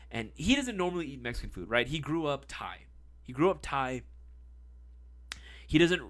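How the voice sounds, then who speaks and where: A young man hosting a live stream, telling a long story casually with lots of swearing and sudden swings from loud to low. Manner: animated, profane, swings between loud and low.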